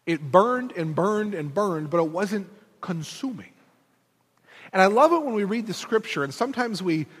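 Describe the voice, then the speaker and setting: A male pastor preaching a sermon in an animated, storytelling way with casual conversational asides, in a church. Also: high-pitched, slightly rough. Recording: reverberant hall.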